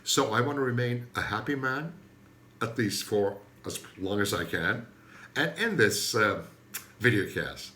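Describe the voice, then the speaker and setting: Comic man, rambling self-mocking monologue, very animated pitch, roomy echo at home. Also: unhurried. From Turkey. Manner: digressive, self-mocking, jokey asides. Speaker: comedy host.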